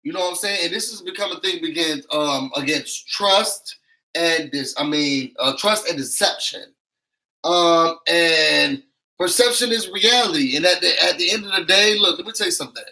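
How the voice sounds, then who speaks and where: Male show reviewer, bright and sassy, emphatic, slightly high voice. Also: moderate pace, rough recording. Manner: sassy, emphatic, acts out quotes. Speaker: YouTube reality-show reviewer. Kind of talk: animated recap commentary.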